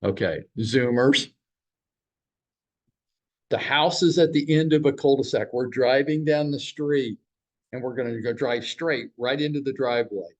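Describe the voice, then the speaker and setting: A man's voice: mid-range voice, measured pace. A man who runs a real estate office, leading a training huddle for his agents. He tells stories bluntly, swears a little, and fires rhetorical questions at the room. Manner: storytelling, blunt, mild swearing.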